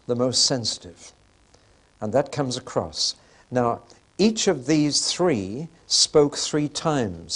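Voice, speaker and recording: An older male Bible teacher speaks at an even middle pitch. He talks to his listeners in a relaxed, conversational way and lifts his voice when he acts out the people he quotes. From England. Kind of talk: sermon-style Bible teaching.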